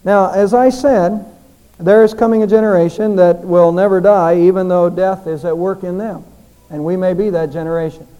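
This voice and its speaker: A man preaching a sermon, explaining and repeating phrases for emphasis and slowly drawing out the key lines. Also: sits high, fairly even intonation, dark tone, lo-fi sound.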